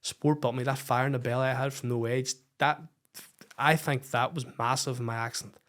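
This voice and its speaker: A man's voice: mid-range voice, fairly even intonation, normal speed, a bit bright. Candid, swearing Northern Irish man. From Northern Ireland. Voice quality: swears freely, frank and candid. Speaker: podcast guest. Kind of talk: personal storytelling in a podcast interview.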